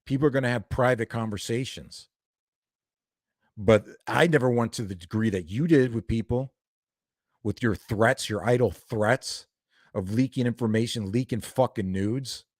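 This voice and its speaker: A man's voice: medium pitch, normal speed, no room sound, clean studio sound. A young man doing a heated, profane reaction video, ranting and calling people out. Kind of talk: angry reaction commentary.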